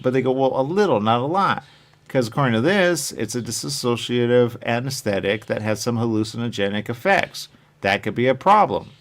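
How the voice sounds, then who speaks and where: Rambling chatty male host. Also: lowish voice. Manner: meandering, chatty, acts out quoted voices. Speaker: show host. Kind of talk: rambling casual chat.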